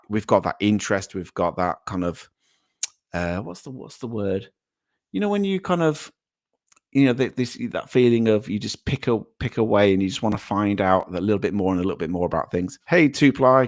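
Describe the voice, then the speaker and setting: Lowish-voiced British man hosting a livestream. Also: dry recording, studio quality. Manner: chatty, rambling, with frequent ums and laughs; effusive thanks, voice jumping up for donors. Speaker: livestream host. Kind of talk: casual live chat, reading viewer comments.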